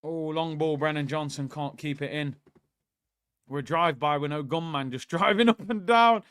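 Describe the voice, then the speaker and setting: A young man hosting a live football watchalong, chatting about the match and reading out viewers' comments, often yelling at the players. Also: fairly high pitch, moderate pace, clean tone, dry recording, studio quality. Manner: excitable, shouts at the players during attacks. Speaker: watchalong host.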